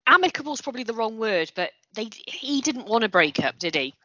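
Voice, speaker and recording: A woman's voice: a little high, big pitch swings, normal speed, pushed and bright, no echo. A woman co-hosting a casual chat podcast, making dry, teasing asides. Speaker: podcast co-host. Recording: dull dry lo-fi audio.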